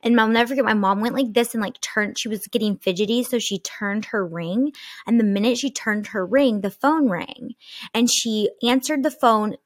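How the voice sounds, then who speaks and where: A woman's voice: a little high, normal speed, no echo, clean studio sound. A young woman casually telling a personal ghost story, chatty, full of fillers and swearing.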